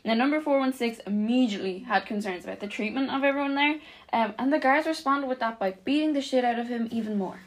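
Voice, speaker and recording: A woman's voice: on the high side, fast talker. A young woman, co-hosting a casual chat and telling a story with loose swearing. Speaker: podcast co-host.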